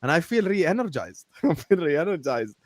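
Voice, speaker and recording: A young man hosts a casual fan livestream, talking fast and animated with lots of laughter and slang. His voice sits a bit high for a man and sounds close and dry, with no room around it. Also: no room sound. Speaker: host.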